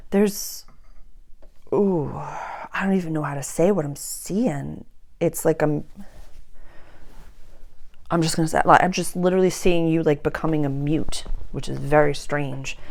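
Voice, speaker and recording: A woman with a notably low voice gives a casual spoken astrology and tarot reading. She talks earnestly and emphatically, circling back to repeat key phrases. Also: unhurried, vocal fry, long pauses, a little mellow.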